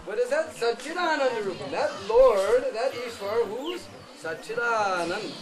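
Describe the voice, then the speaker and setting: Male devotional speaker, high-pitched, dramatic storytelling, outdoor crowd noise. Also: a little slow. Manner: animated, dramatic storytelling with chanted phrases. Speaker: pilgrimage speaker. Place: outdoor holy site with a group.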